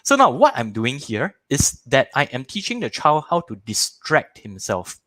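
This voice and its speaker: A Malaysian English-accented man leads a parenting workshop, his pitch swinging widely as he explains and acts out scenes. He repeats words to drive them home, in a dry close recording with no room sound. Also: moderate pace, dry recording. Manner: animated, acts out little scenes in shifting voices; repeats words and phrases for emphasis. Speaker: parenting teacher. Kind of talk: live online parenting workshop.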